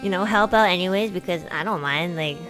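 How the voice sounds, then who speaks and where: A young woman streamer telling a long everyday story in casual chat, animated and chatty, acting out what people said. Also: lowish voice, brisk, soft background music. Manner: chatty, animated, acts out quoted lines in a raised voice.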